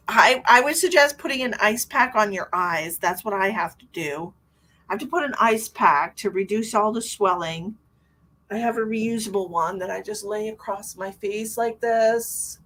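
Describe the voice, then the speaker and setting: A middle-aged woman hosting a live psychic stream, chatting casually and rambling to viewers, her voice swinging from loud to almost a whisper. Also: mid-range voice.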